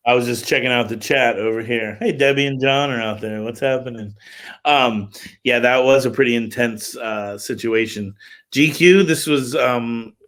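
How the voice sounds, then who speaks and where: A middle-aged man, a music promoter, casually telling an animated story on a livestream call, with lots of filler words. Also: mid-range voice, normal speed.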